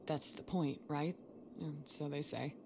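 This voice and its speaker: A man voicing a blunt, sardonic young woman in a game, talking in a mocking, sharp-tongued way. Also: a little high, steady tone, measured pace, gravelly, noisy background.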